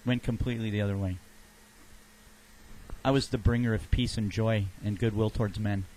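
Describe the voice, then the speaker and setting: A man's voice: fairly low pitch, fairly even intonation, darkish tone, a little hiss or hum, low-quality recording. Rambling storytelling man hosting radio. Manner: rambling storyteller, quick asides and restarts. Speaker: radio show host. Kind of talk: casual radio chat.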